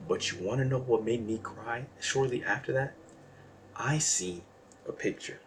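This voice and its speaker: A young man talking in a casual, rambling monologue that is self-deprecating and jumps from quiet musing to loud outbursts. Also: medium pitch, normal speed, far from the mic. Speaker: vlogger. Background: background music.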